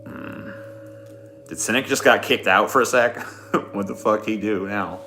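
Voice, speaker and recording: A man hosts a casual livestream, laid-back and swearing often while answering chat requests. His voice is lowish and sharp in tone, and he speaks a little slowly. The room is echoey, with music playing behind him.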